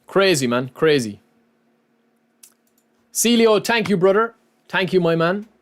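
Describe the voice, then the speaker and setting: A man's voice: sits high, animated, measured pace. A man live-streaming, chatting casually to his viewers and often calling them lads and man.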